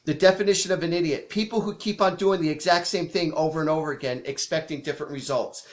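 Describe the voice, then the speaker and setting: A man hosting a live psychic show, chatty and animated as he tells stories and acts out quotes, a bit sniffly from allergies. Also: on the high side, quick pace. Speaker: psychic medium host. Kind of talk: casual live-stream storytelling.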